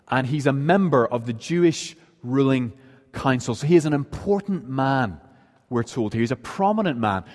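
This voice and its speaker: Man, pastor, sermon, earnest explanatory preaching, rhetorical questions, mid-pitched voice, echoing church hall. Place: church sanctuary. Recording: long reverb of a large hall.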